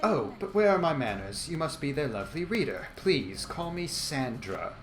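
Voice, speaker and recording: A man's voice: on the high side, big pitch swings, moderate pace. A man voicing a genteel female wraith with a slight put-on Russian accent. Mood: gracious. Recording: roomy echo, faint game music.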